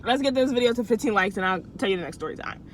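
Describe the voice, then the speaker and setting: A woman's voice: medium pitch, expressive, racing, slight background noise, low-quality recording. A young adult woman vlogger telling a casual storytime in a chatty, slangy way, with restarts and asides to her viewers.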